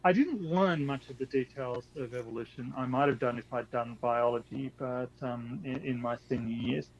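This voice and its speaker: A man co-hosting a casual podcast chat, talking in a halting way with many fillers and restarts. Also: medium pitch. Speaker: podcast co-host. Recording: dull lo-fi audio with faint noise.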